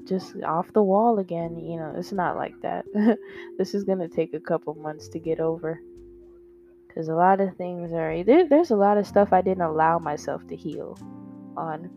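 A woman's voice: on the low side, warm tone. A young woman hosting a podcast, talking in a rambling, candid confessional way with many fillers and some swearing into a microphone. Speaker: podcast host. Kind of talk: casual confessional monologue. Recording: dull lo-fi audio with faint guitar music.

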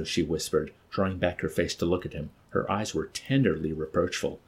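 A man's voice: low-pitched, normal speed, a little hiss or hum. A man reading a novel aloud and then discussing it in a hesitant, thoughtful way.

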